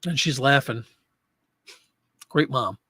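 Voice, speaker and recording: A man's voice: medium pitch, slow, bright, forceful tone, breathy edge, dry recording. Chatty middle-aged man, dry close mic. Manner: chatty, reads and answers viewer comments. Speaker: host of a live chat show for online sellers. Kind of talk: casual live-stream chat.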